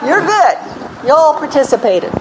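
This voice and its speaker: High-voiced woman preaching a sermon. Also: slow pace, background noise. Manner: lively, calls on the congregation to repeat.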